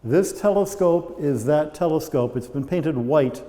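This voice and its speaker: Guy giving a tour of old telescopes, mellow voice, long echo in the dome. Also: on the high side, lively intonation, unhurried. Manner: chatty, anecdotal storyteller. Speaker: observatory guide. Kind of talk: guided tour explanation. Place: inside old observatory domes.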